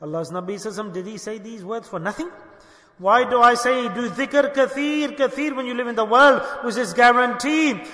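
A man with a very high, bright voice delivers an impassioned sermon. He drops to a hush and then climbs back up, and at times he races through chanted verses. His voice rings through a roomy hall with a long reverb tail. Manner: impassioned, swings between hushed and raised delivery; recites Quranic verses in rapid chant. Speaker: preacher.

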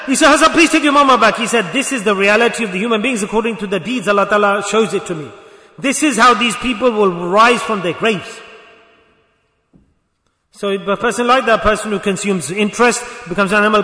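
A man's voice: extremely high pitch, bright, forceful tone. Male preacher, sermon, exhorting, rhetorical questions, roomy reverb. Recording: echoey hall.

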